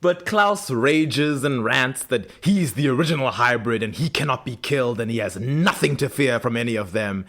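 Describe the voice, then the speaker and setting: Man, podcast co-host, lively swooping pitch, mid voice, casual recap. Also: normal speed, hardly any pauses. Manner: animated retelling with acted quotes and laughter.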